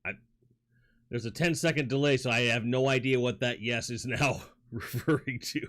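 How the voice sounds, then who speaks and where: A man's voice: mid-range voice, moderate pace, fairly bright tone. Rambling man with a New York accent. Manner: rambling, reads chat aloud, frequent fillers and restarts. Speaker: livestream host. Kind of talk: casual livestream chat. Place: home toy room. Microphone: studio microphone.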